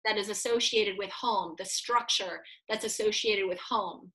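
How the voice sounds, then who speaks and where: A woman's voice: mid-range voice, fairly even intonation, measured pace, a bit bright, low-quality recording. A woman guest on a podcast interview, a coach for real estate agents, explaining her ideas in a confident teaching tone.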